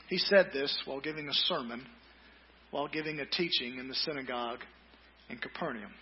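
A male pastor preaching a sermon, reading scripture slowly and deliberately with quick joking asides. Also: medium pitch, dull audio.

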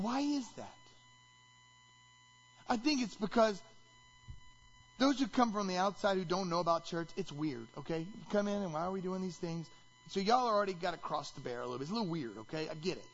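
A man preaching a sermon as pastor, animated and rising to shouts when he acts out quotes. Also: sits high, dull audio.

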